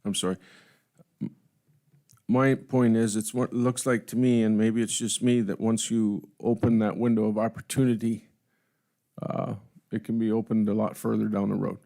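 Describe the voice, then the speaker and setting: A man speaking as a county commissioner at a public meeting, halting and hedging with many restarts. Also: fairly low pitch, flat delivery, gravelly, warm tone.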